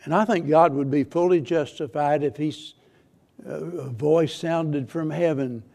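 Guy preaching a sermon, gravelly voice, a bit high, earnest and repeats himself a lot. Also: unhurried, a little mellow. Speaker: pastor.

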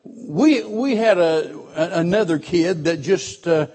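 A male pastor with a husky, slightly breathy voice set a bit higher than most men's. He preaches with strong emphasis, dropping into hushed storytelling and then climbing back to loud, pressing declarations. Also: lively intonation, slow pace. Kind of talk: sermon.

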